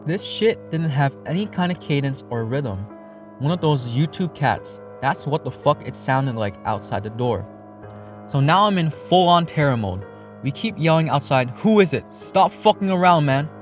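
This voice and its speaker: A man's voice: medium pitch, expressive, moderate pace. A young man narrating a first-person horror story in a casual, matter-of-fact way, swearing freely. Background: faint eerie background music.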